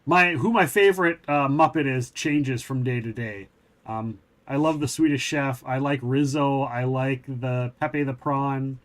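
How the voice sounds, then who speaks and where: A man's voice: mid-range voice, unhurried. A middle-aged man hosting a gaming stream, chatting casually in a rambling, hesitant way with many fillers. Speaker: streamer host.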